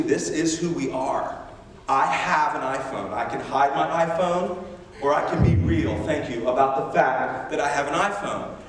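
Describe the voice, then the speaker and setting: Animated preacher in an echoey hall. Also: male voice, on the high side, recorded from a distance, slight background noise. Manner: animated, emphatic, self-deprecating humor. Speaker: missionary preacher. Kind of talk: sermon. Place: large church sanctuary. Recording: echoey church hall from afar.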